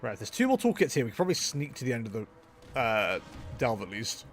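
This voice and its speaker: His mid-range voice swoops wildly in pitch and moves a little fast, with soft background music playing. As a gaming livestreamer, he chats casually while playing, joking about himself in quick asides.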